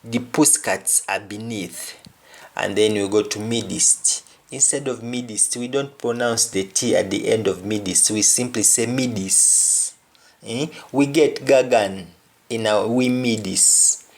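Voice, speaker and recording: Slow, deliberate man with a Jamaican accent. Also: on the low side. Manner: deliberate, repeats example words. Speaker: language teacher. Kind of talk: language lesson.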